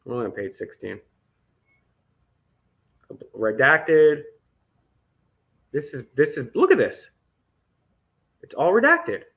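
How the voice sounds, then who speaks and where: Speaking slowly with frequent pauses, a slightly high male voice swoops wildly in pitch as he reads documents aloud for his independent news vlog. He reacts with indignant sarcasm and plenty of swearing, and the lo-fi recording sounds dull.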